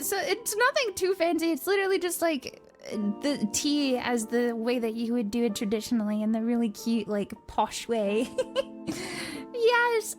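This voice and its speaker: High-voiced, giggly young woman streamer. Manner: animated, giggly storytelling with frequent swearing. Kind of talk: casual chat.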